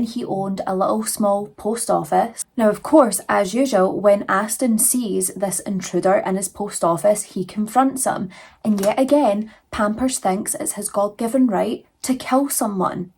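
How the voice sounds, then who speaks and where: A woman's voice: mid-range voice, a little mellow. A woman casually narrating a true crime case, chatty, with asides to viewers.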